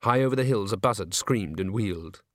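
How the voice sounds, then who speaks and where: A male audiobook narrator reading with lively storytelling inflection, his pitch moving freely across phrases. The sound is close and dry, as from a studio booth. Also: fairly quick, no room sound. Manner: expressive storytelling. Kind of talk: scripted narration.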